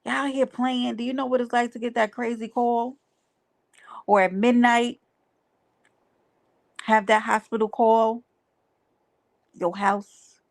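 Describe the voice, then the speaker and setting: A woman's voice: on the high side, little pitch movement, slow, vocal fry, long pauses. A woman hosting a livestream, talking to her chat in an emphatic, preachy way and repeating her phrases. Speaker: livestream host. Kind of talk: casual livestream talk to chat.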